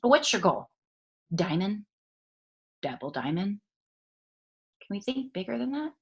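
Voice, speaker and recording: A woman giving an emphatic motivational talk on a video call, swinging from loud to hushed. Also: medium pitch, very animated, measured pace, creaky, slightly rough, muffled recording. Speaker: network marketing leader speaking on a call.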